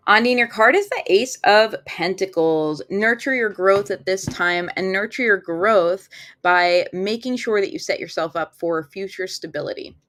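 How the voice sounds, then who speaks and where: A woman's voice: medium pitch, moderate pace, a bit bright. A woman reading tarot cards on a live stream, chatting casually with fillers and acting out little quoted thoughts.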